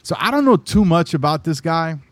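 A man's voice: fairly high pitch, very animated, brisk, no echo. A man co-hosting a podcast in casual chat, easygoing and rambling, often restarting his sentences. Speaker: podcast co-host.

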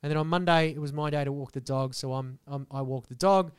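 A young man on a podcast, telling a story in casual banter with lots of swearing and animated, rambling energy. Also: medium pitch, quick pace, clear, resonant tone. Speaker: podcast co-host.

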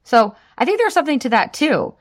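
A woman's voice: high voice, big pitch swings, a little fast. A woman in her thirties hosting a casual solo podcast, chatty and full of "like", laughing at herself. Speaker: podcast host.

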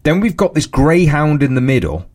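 A man co-hosting a podcast, telling a lively anecdote in casual chat and acting out what people said. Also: on the high side, moderate pace. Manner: animated anecdote teller, acts out quoted voices. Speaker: podcast co-host.

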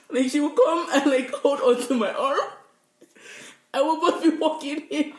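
A woman's voice: high voice, unhurried, roomy sound. A woman co-hosting a podcast, telling stories animatedly with frequent laughter and swearing. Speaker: podcast co-host. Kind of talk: casual chat. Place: Edmonton, Alberta, Canada.

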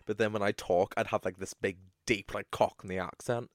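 A young man co-hosting a podcast, talking in a chatty, animated way that is full of swearing. His voice sits fairly low, and the recording is dry and close. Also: brisk, few pauses, dry recording. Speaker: podcast co-host. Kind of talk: casual chat.

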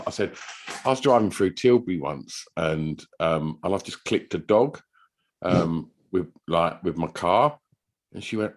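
A podcast co-host with a deep, animated voice chats casually at normal speed, telling rambling stories with some swearing.

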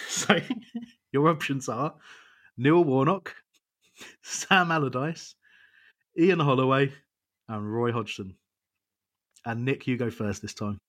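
A man's voice: medium pitch, slow pace, pauses often, a bit bright. A British man hosting a casual football podcast and running a quiz, chatty and hesitant with frequent ums and easy laughs. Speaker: podcast host. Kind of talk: casual football chat, quizmaster.

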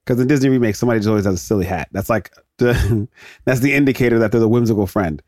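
A man riffs through a solo movie commentary on a close podcast mic, rambling, laughing and breaking off his own sentences. His voice sits at a middle pitch, and the sound is completely dry. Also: fast, darkish tone, dry recording. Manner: rambling, laughing, self-interrupting. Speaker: podcast host.

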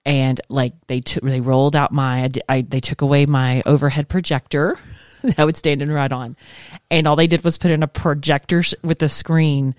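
A woman's voice: deep voice, steady tone, moderate pace, a little mellow, dry recording, clean studio sound. Chatty laughing woman teacher. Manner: chatty, laughing, swears casually. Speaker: co-host, schoolteacher. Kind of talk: casual chat.

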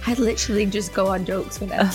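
A woman's voice: medium pitch, fairly even intonation, fast talker, loud music behind the voice. A woman co-hosting a casual chat, giggly and self-mocking. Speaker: podcast co-host.

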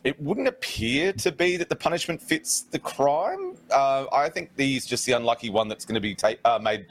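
A man co-hosting a talk show, giving measured, thoughtful views with many ums and uhs. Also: mid-range voice, sing-song, a little hiss or hum. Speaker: co-host. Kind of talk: casual talk show discussion.

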